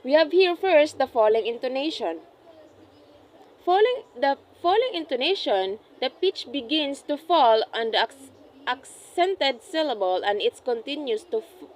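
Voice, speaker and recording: A young woman, a student, reading a class report aloud, carefully and deliberately, often correcting herself mid-phrase. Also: on the high side, a little hiss or hum, rough recording. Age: young adult. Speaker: student presenting an assessment.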